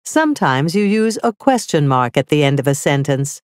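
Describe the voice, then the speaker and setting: A woman narrating a scripted grammar lesson, reading slowly and carefully with clearly spelled-out examples. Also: deep voice, very animated, dry recording, studio quality. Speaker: teacher.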